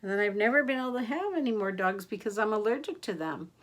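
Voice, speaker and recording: An older woman, a grandmother, reading picture books aloud to children in a gentle, expressive way, gasping and asking them questions. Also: mid-range voice, quick pace. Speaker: grandmother storyteller.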